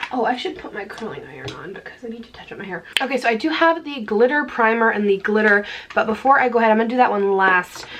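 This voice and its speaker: A woman beauty vlogger chatting casually while doing her makeup, bubbly and laughing often, dropping into hushed asides. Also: on the high side. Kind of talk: casual get-ready-with-me chat.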